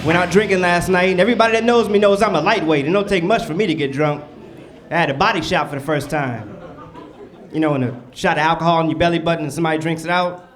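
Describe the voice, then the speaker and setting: A man performing a stand-up comedy set in a club, loud and animated with the crowd. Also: fairly high pitch, quick pace, soft background music. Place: comedy club stage before a live audience. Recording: noisy club recording with crowd. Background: audience laughter and cheering.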